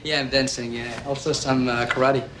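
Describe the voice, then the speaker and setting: An eager young man, coaxing and curious, as an actor plays him, in a film scene. His voice sits at a middle pitch. The clip has clear background noise. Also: little pitch movement, moderate pace, natural voice.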